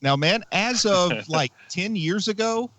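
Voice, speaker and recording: A middle-aged man co-hosting a podcast, tossing out deadpan jokes and anecdotes. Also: sits high, a little slow. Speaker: podcast co-host. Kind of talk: casual podcast chat.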